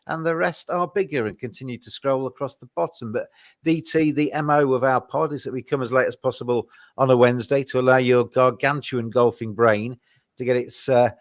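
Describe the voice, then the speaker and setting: A man hosting a laid-back podcast with a slightly hoarse voice. He talks in a relaxed, hesitant way, filling his pauses, and the sound is dry and close with little room around it. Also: medium pitch, no room sound. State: voice going hoarse. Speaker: podcast host. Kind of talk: casual podcast chat.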